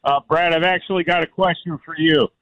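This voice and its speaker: Lively male caller on a muffled line. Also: a little high, no room sound. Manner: friendly, lively, quick. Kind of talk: casual call-in chat.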